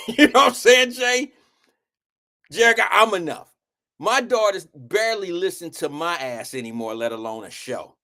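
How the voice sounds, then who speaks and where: A man hosting a live stream show, talking casually and telling stories in a rambling, profane way. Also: high-pitched. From Ohio. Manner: animated, profane, rambling storyteller. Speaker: show host.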